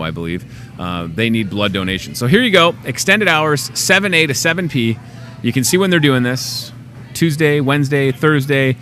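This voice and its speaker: Male local TV host, bright tone, joking chatty delivery. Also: mid-range voice, a little hiss or hum. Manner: chatty, joking, self-mocking. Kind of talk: casual on-air chat.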